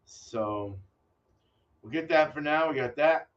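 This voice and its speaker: A man's voice: a little high, slow. A man hosting a homebrewing vlog, thinking aloud in a casual, distracted way and swearing offhandedly. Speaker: homebrewer and channel host. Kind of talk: casual rambling vlog talk. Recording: dull lo-fi audio from a distance.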